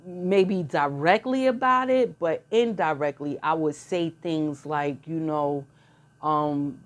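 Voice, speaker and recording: Blunt, slangy, low-voiced woman. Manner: blunt, laughing, slangy storytelling. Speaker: channel host. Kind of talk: casual monologue.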